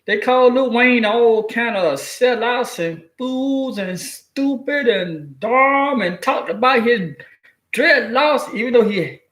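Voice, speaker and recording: A man's voice: extremely high pitch, takes it slowly, fairly bright tone, roomy sound. A man giving casual spoken commentary, loose and profane, telling stories with mock quotes. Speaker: commentary vlogger.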